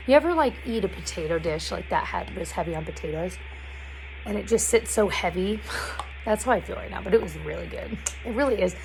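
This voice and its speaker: A woman's voice: medium pitch, expressive, fairly quick, background noise. A young woman chatting casually to camera as a family vlogger, talking loosely with plenty of "like" fillers.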